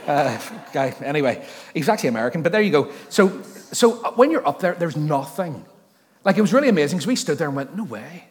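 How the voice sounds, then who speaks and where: A man preaching a sermon as pastor in a lively, conversational way, joking now and then and often restarting or repeating words as he thinks aloud. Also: a little high, quick pace. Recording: long reverb of a church hall.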